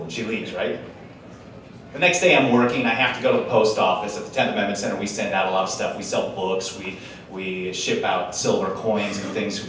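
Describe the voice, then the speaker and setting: In an echoey large conference hall, heard through a distant mic with a little hiss or hum, a man from Wisconsin delivers a chatty, joking speech to a live audience, tossing in slangy asides. His voice is lowish and a bit bright.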